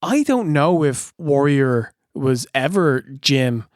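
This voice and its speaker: An Irish man co-hosting a comedic review podcast, animated, giggly and exasperated. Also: a little high, slow, no room sound, studio quality. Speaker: podcast co-host.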